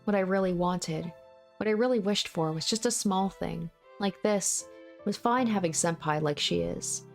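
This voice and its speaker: A woman narrating a visual novel aloud in a soft, steady, measured voice. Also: fairly low pitch, vocal fry, soft background music.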